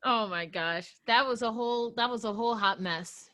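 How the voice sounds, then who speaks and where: A woman with a high, very bright voice talks in an easy chat between friends. She gets animated, swears often and rants loudly when she is worked up. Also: normal speed. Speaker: podcast co-host. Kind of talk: casual chat.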